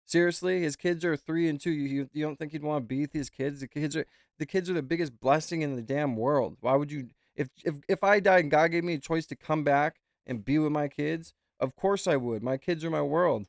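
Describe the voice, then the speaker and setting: A man's voice: on the high side, brisk, gravelly, no room sound, clean studio sound. A man streaming a casual reaction chat, rambling and swearing freely.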